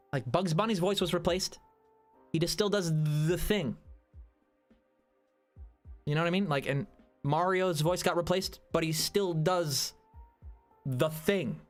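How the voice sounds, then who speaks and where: A man streaming, chatting casually with his viewers and answering their comments, rambling and restarting his sentences. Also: on the high side. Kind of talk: casual livestream chat.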